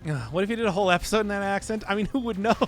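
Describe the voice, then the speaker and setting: A young man streams a video game, racing along in a high voice as he chats casually, answers his chat and often laughs at himself. Faint music plays in the background of this gameplay commentary.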